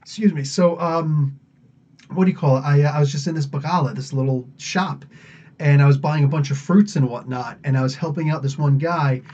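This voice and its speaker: An American podcast host chats casually and rambles through a live Q&A, laughing often. His voice sits on the high side with a warm, steady tone and a slightly fast pace, and the audio is dull and lo-fi.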